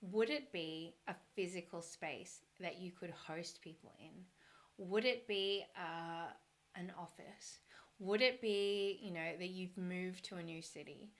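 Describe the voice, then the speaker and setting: A woman talking as a brand coach, earnest and encouraging, thinking aloud with a slightly hoarse voice. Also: fairly low pitch, takes it slowly. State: a little hoarse. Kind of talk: solo talk on branding.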